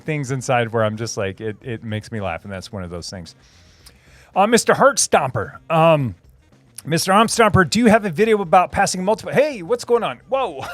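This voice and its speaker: A man's voice: high voice, no room sound. A man hosting a live stream, answering chat in a rambling, laughing way with many restarts and fillers. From Minnesota.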